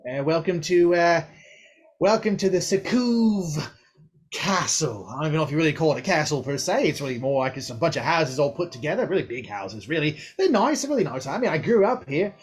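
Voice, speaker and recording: A man voicing a young female high elf who chatters in a flustered, rambling way. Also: very animated, fairly quick. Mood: chipper.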